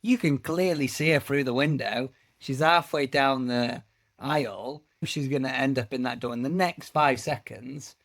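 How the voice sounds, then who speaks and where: A man's voice: mid-range voice, normal speed, vocal fry, fairly bright tone. A man co-hosting a podcast, complaining emphatically in casual chat. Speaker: podcast co-host.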